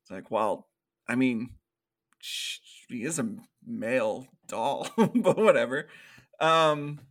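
A man co-hosting a casual movie review podcast, animated and profane, acting out scenes in quoted voices. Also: mid-range voice, slow pace. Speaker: podcast co-host.

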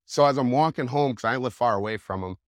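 A young man, a podcast guest, telling a wild story in a casual, animated way, full of "like". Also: mid-range voice, fast, no echo, clean studio sound. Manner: animated, heavy use of "like", laughs while telling.

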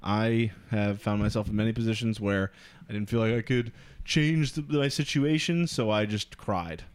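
A man's voice: on the low side, normal speed, smooth. A man co-hosting a podcast, telling a story in a casual, rambling way full of filler words. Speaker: podcast co-host.

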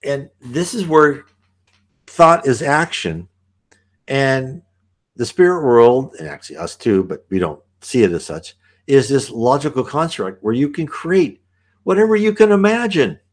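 A man reading aloud from an old spiritual book, breaking off to explain passages in a halting, animated way. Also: medium pitch. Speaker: reader and commentator.

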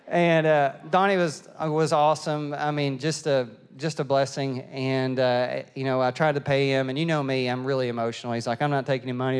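A middle-aged man preaching a sermon and telling a lively, self-mocking story, acting out the people in it. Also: fairly high pitch, a little fast, clean tone. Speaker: pastor. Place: church auditorium. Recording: long hall reverb.

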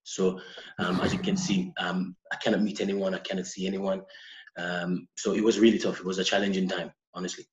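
A man's voice: deep voice, brisk. Jamaican man telling stories in an echoey room. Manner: lively storyteller, repeats words as he restarts. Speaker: interview guest. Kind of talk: casual interview chat. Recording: echoey, dull-sounding room recording.

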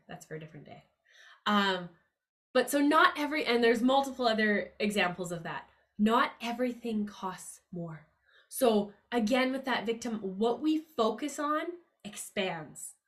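This is a woman hosting a podcast on money mindset, speaking at an ordinary middle pitch. She keeps it casual and upbeat. She talks in a chatty way, with fillers and side remarks. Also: fairly bright tone. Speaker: podcast host. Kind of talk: casual motivational talk.

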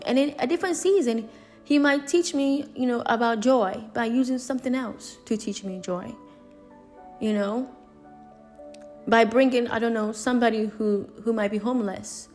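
Earnest woman preaching over soft music. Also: on the high side, moderate pace. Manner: earnest, repetitive, emphatic preaching with many restarts. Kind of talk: sermon.

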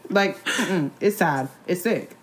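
Blunt animated young woman. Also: lowish voice, takes it slowly, background noise. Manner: blunt, animated, slangy, says "like" often. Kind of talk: casual chat.

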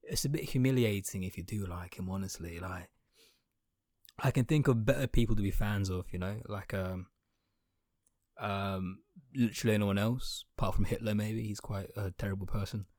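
A man's voice: on the low side, normal speed, a little mellow, no room sound, studio quality. Sarcastic young man ranting. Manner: swearing, sarcastic ranting with mumbled asides. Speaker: podcast host. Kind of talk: casual ranting podcast. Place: home room.

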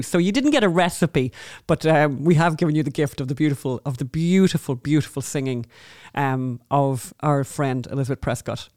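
A woman hosts a podcast in an easy, conversational way. She tells stories with animated energy, often restarting her sentences. The sound is dry and close, with no room around it. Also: low-pitched, no echo. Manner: chatty, restarts a lot, animated storytelling. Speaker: podcast host. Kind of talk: casual interview chat.

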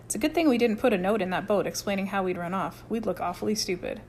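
A woman voicing a dry, deadpan, clever teenage boy who speaks in an understated way. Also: medium pitch, quick pace, slight background noise, lightly acted.

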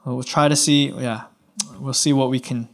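A man's voice: mid-range voice, normal speed. A man preaching a casual, conversational sermon, talking informally and asking his listeners questions. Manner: informal, animated, asks the audience questions.

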